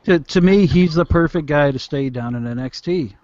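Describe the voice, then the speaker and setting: A man's voice: fairly high pitch, normal speed, a little mellow, no room sound. A man co-hosting a casual wrestling chat, blunt and mocking, swearing freely. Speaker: podcast co-host. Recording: dull lo-fi audio with faint noise and clicks.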